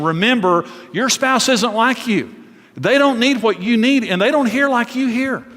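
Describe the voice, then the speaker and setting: A man's voice: high-pitched, fairly bright tone. Earnest male preacher in a reverberant hall. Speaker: pastor. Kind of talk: sermon on marriage. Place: church sanctuary.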